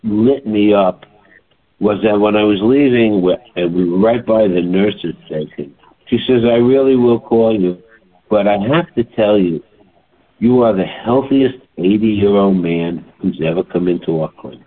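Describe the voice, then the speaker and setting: A man in his late seventies telling a story in a chatty, animated way, as a holistic health practitioner. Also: on the low side, measured pace. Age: older. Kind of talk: casual monologue. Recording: tinny phone-like sound.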